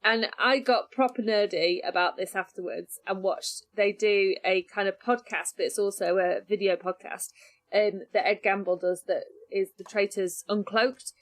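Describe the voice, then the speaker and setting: A woman priest co-hosting a casual podcast, retelling a show with animated, acted-out quotes. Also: medium pitch, moderate pace. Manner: animated retelling, acting out quotes in jumpy voices.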